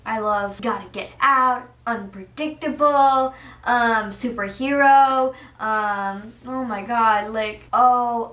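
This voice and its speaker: Giddy, bright-voiced young woman fan. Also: sits high, roomy sound, recorded from a distance. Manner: gushing, giddy, says "like" constantly. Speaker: vlogger. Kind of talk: excited fan chat to camera.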